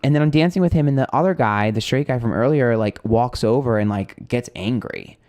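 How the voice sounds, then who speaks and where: A man's voice: medium pitch, a little fast, darkish tone, no echo. A young man who reads tarot, rambling through a story in casual chat, swearing freely and sounding exasperated. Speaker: tarot reader and streamer.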